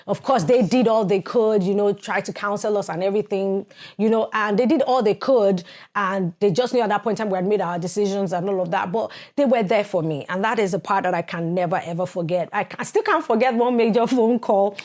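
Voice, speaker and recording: A woman in her forties with a Nigerian accent, co-hosting a podcast and telling a personal story in a lively way, acting out the voices of others and laughing often. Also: medium pitch, fairly quick. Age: 40s. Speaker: podcast co-host.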